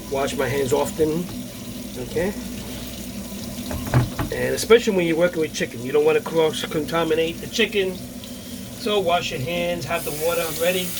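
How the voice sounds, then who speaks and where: Man, fairly high voice, casual home cooking host, rambling with fillers, loud kitchen sizzle behind. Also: moderate pace, long pauses. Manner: chatty, repeats himself, many fillers and okays. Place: home kitchen with sizzling pan and running water. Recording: noisy kitchen with sizzling pan. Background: frying sizzle and running water.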